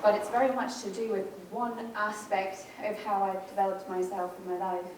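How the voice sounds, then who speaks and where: A woman's voice: medium pitch, steady tone, moderate pace, darkish tone. A woman emotionally and earnestly sharing a personal story with a group, overwhelmed. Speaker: participant sharing. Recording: echoey room, far from mic, crowd and noise.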